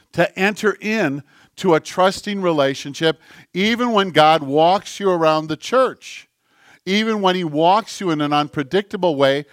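A man's voice: fairly high pitch, a bit bright, no echo. Man, pastor, sermon, earnest, repetitive cadence, dry sound.

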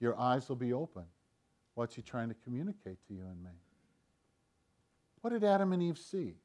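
Man preaching with loud and hushed swings. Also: sing-song, moderate pace. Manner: preaching with big swings between loud emphatic lines and hushed low asides; acts out Satan's voice in quoted lines. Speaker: pastor. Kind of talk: sermon.

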